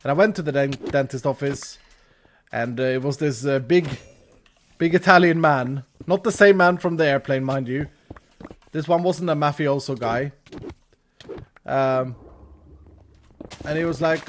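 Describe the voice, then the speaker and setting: A man's voice: fairly high pitch, unhurried, long pauses, a little hiss or hum. A man in his thirties from Sweden, speaking English as he animatedly tells a story while gaming on a live stream. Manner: animated, with restarts and laughter.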